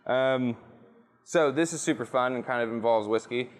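A man's voice: medium pitch, normal speed. A man guest on a podcast, chatting in a loose, profane, storytelling way, recorded in a rum bar. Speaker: guest, rum brand representative. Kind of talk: casual storytelling interview.

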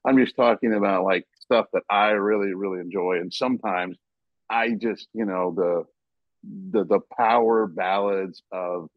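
A man on a casual podcast, telling stories with animated, loud acted-out quotes. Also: on the low side, a little slow, no room sound, narrow, tinny audio. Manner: animated storyteller, acts out quotes loudly. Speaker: podcast guest, basketball writer.

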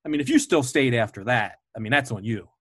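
A man's voice: medium pitch, animated, fast talker, fairly bright tone, husky, dry recording, studio quality. A man hosting a podcast, chatting casually and eagerly, often digressing and laughing, over a remote call. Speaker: podcast host. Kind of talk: casual chat.

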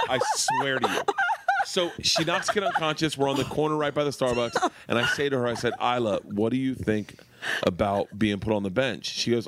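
A man in his forties telling funny stories about his daughter in casual podcast chat, animated and profane, laughing as he goes. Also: medium pitch, moderate pace, slight background noise. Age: 40s. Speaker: comedian guest.

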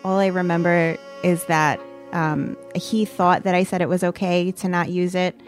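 Halting woman with a lowish voice. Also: level tone, faint music behind. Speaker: podcast cohost. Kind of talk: casual podcast chat.

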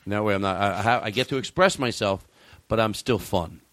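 A man hosting a casual comedy podcast, joking loudly and putting on mock showman bravado. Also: fairly low pitch, a little fast, soft background music. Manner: animated, jokey, swings into mock showman bravado. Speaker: podcast host.

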